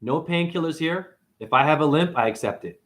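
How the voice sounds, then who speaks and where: A man hosts a livestream, delivering a casual, slang-filled spiritual monologue and switching to high, mocking voices whenever he quotes others. His delivery is animated and brisk, with a slightly bright tone.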